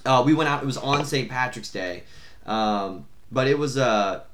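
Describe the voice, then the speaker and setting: A man's voice: mid-range voice, normal speed, fairly bright tone, roomy sound, a little hiss or hum. Rambling young man telling a bar story. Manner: rambling storyteller, frequent fillers and swearing. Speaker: podcast co-host. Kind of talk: casual chat.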